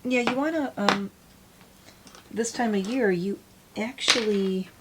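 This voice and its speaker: A woman's voice: medium pitch, slow, heavy background noise. A woman in her forties chatting casually as she does her makeup, rambling and self-deprecating. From United States. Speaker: beauty vlogger. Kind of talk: casual get-ready-with-me chat.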